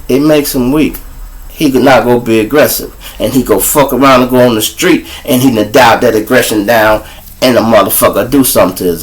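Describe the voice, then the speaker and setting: A man hosting a live show, telling crude, preachy comic stories. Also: medium pitch. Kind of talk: profane comic storytelling.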